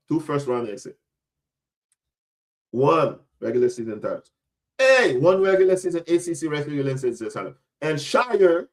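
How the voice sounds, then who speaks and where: A young man hosts a casual sports talk show, speaking in a middle-pitched voice. He talks in a blunt, emphatic way and hammers his points home by repeating them. He is from Florida. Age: young adult. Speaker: podcast host.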